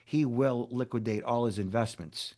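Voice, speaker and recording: A male cybersecurity expert, interviewed as a guest, tells an animated story at medium pitch and moderate pace. Along the way he acts out dialogue and checks in with "okay?" and "right?".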